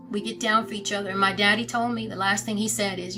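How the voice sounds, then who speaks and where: A woman speaks in a somber, measured way, her pitch sitting in an ordinary middle range and barely rising or falling. She talks plainly and directly to her followers, like someone sharing a personal account. Clear music plays underneath her voice. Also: little pitch movement, low-quality recording. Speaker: family member making an announcement.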